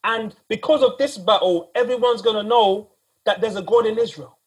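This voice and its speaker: A man's voice: high-pitched, moderate pace, husky. A man preaching a sermon in a casual, conversational way, often repeating himself and speaking straight to "guys".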